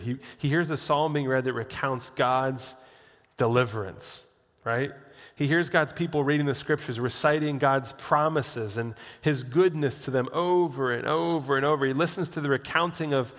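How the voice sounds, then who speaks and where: Animated preacher man in a reverberant hall. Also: medium pitch, moderate pace. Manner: animated storytelling preacher, acts out inner voices. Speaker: pastor. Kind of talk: sermon.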